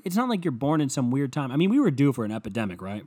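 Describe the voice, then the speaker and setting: A young man rants alone at home in a loose, comedic monologue, swearing freely and drifting from one gripe to the next. His voice is husky and a little breathy, set at an ordinary middle pitch for a man. The tone stays sarcastic and rambling throughout. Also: sing-song, brisk, mellow. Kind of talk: solo comedic ranting monologue.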